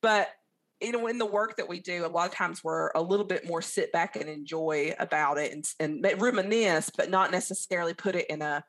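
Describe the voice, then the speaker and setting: A woman's voice: fairly low pitch, brisk. Chatty Southern American woman. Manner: chatty, animated storyteller. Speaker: guest. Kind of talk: casual storytelling interview.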